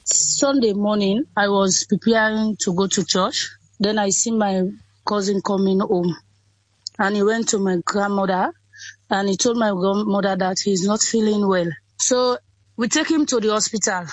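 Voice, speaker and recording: A woman in her twenties with a Sierra Leonean accent, telling her story in an interview in simple, halting sentences that often repeat. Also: mid-range voice, steady tone, no echo, low-quality recording. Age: 20s. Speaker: interviewee, Ebola survivor. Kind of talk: interview over a phone or call.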